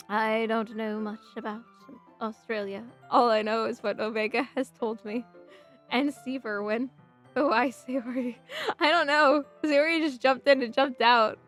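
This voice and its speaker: A woman's voice: on the high side, a bit bright. A young American woman streaming a game, chatting in a rambling way, answering chat messages aloud and laughing often. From United States.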